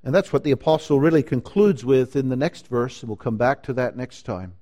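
A man preaching a sermon, slow and emphatic, rising to loud declarations and dropping to hushed lines. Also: mid-range voice, muffled recording. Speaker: pastor.

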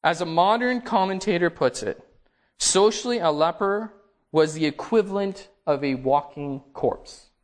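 Reading scripture during a sermon, a high-pitched male preacher delivers the words slowly, leaning hard on stresses and lifting into dramatic rises.

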